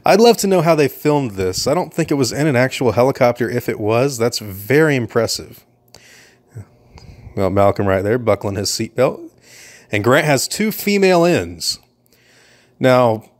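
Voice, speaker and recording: A man giving casual, enthusiastic commentary over a film and laughing often. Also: medium pitch.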